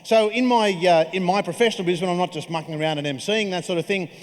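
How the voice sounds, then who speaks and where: A man's voice: sits high, fast. A man in his forties giving a keynote speech, telling stories in a jokey, conversational way. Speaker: keynote speaker. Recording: reverberant hall.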